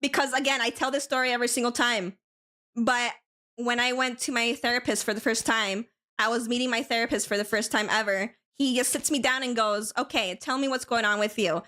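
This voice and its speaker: Young woman, American accent, bright voice, a bit high, chatty, laughs a lot, swears freely. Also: fairly even intonation, fairly quick. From Spain. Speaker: art streamer. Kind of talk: casual chat while drawing on stream.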